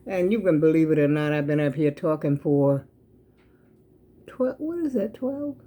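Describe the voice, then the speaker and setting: Chatty older grandma. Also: female voice, low-pitched, animated, moderate pace, warm tone. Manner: chatty, folksy, addresses viewers as y'all. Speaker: vlogger. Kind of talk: casual kitchen vlog. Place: home kitchen.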